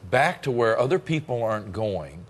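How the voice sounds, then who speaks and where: A man's voice: mid-range voice, big pitch swings, normal speed. A man hosting a Christian television interview, speaking emphatically and encouraging viewers to pray. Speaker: TV host.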